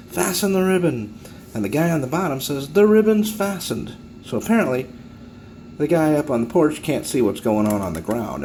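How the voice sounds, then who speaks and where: A man hosting a casual puzzle tutorial, chatty and animated as he builds a little story to help viewers remember the moves. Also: mid-range voice, slight background noise.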